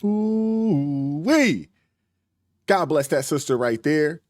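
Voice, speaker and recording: A man's voice: a little high, lively intonation, normal speed, a little mellow, no echo, clean studio sound. A man hosting a reaction channel, giving emphatic, preacherly commentary in casual speech. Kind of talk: commentary on a played clip.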